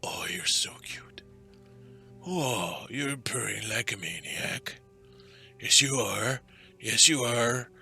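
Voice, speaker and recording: A man voicing a huge, grumpy male rock troll in a tabletop game, with a gruff, suspicious way of talking that turns to soft cooing. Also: mid-range voice, slow, pauses often, soft background music, exaggerated voice.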